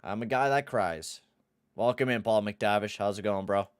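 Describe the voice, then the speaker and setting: Excitable young man streaming a hockey game. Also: on the low side, moderate pace, clear, resonant tone, dry recording, clean studio sound. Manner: excitable, swears, shouts at the game. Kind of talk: live gameplay commentary and chat.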